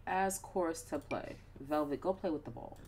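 A woman's voice: low voice, lively intonation, normal speed, darkish tone, a little hiss or hum. A young woman casually commenting on her life-sim gameplay with playful, slangy asides. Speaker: gaming YouTuber.

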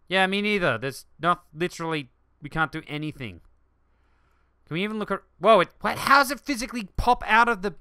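A man hosting a let's play, rambling excitedly through gaming commentary and jumping to shouts. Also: a little high, fast talker, smooth, dry recording, studio quality.

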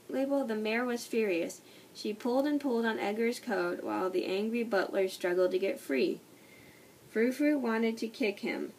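A woman reading a children's book aloud, slowly and carefully, often stumbling and restarting words. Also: mid-range voice, a little mellow. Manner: slow, careful reading with frequent slips and restarts. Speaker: storybook reader. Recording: distant mic with faint noise.

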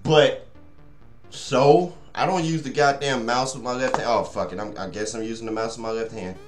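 A man's voice: medium pitch, moderate pace. A young man grumbles and curses through a let's play, rambling on to his viewers as he goes. His voice sits in a middling register and bounces around an echoey room. Faint game music plays underneath. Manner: frustrated, swears a lot, rambles to viewers. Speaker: gaming channel host.

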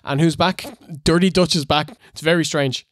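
A man's voice: on the high side, steady tone, normal speed, dry recording. Guy co-hosting, blunt and sweary, laughs a lot, dry sound. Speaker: podcast co-host. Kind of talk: casual wrestling review chat.

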